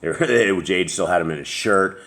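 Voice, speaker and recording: Deep-voiced man in rambling casual chat. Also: moderate pace, fairly bright tone. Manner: rambling, with many fillers and restarts. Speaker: host.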